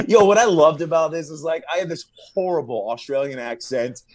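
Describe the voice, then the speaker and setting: A man who is a firefighter and comedy video maker, chatting as a podcast guest, telling stories in a lively, laughing, slangy way. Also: a little high, fairly quick. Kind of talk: casual podcast interview.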